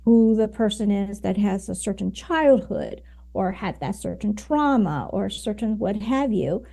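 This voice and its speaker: In a conversational interview, a woman who works as a communication coach explains her ideas as the guest, leaning on frequent fillers and tag questions. Her voice is medium-pitched and gravelly with a warm tone, animated yet unhurried.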